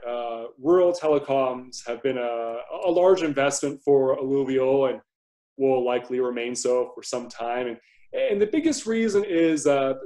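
A man explaining investments in a measured way. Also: fairly high pitch, mellow. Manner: measured, explanatory, repeats words when starting. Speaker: guest investor. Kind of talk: conversational interview.

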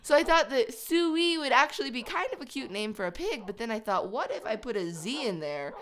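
A woman hosting a video game let's play, chatty and excitable, talking to her pets as she plays. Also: a little high, brisk.

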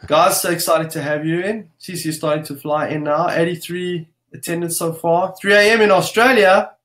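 A man's voice: on the high side, fairly even intonation, normal speed, fairly bright tone. Upbeat man hosting a live webinar. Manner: upbeat, greets viewers one by one. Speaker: webinar host. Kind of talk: casual live webinar chat.

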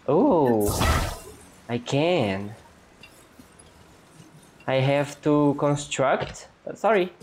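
A woman's voice: a bass voice, a little mellow, a little hiss or hum. A young woman chatting casually as she plays a video game, thinking aloud in a playful way. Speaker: gaming channel host. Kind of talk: casual gameplay commentary.

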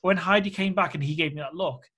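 A man's voice: fairly high pitch, quick pace, slightly rough. Candid storytelling male filmmaker. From Australia. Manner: candid, animated anecdote-teller who acts out quoted speech. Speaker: filmmaker guest. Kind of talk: casual podcast interview storytelling.

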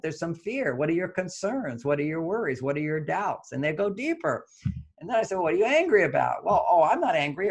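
High-voiced man giving relationship advice. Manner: earnest, explanatory, repeats key phrases. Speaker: relationship therapist and author.

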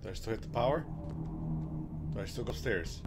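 A man's voice: fairly low pitch, a little fast. A man giving joking let's-play commentary on a horror game, talking to his viewers and to the characters on screen. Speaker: gaming channel host. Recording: game music underneath.

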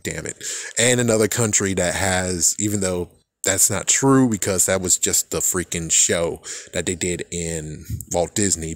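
A young man giving a casual, rambling fan reaction, excitable and swearing freely as he trails off and restarts. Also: sits low, no echo. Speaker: fan vlogger.

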